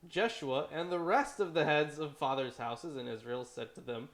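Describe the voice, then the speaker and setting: A man's voice: medium pitch, lively intonation, a little fast, few pauses. A man co-hosting a casual discussion show who reads scripture aloud with wry, irreverent asides, sometimes swearing and stumbling over names. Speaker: podcast co-host reading scripture.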